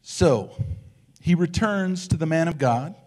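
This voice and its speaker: An older man, a church elder, giving a relaxed conversational sermon and acting out the voices of the people in his story. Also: on the high side, slow.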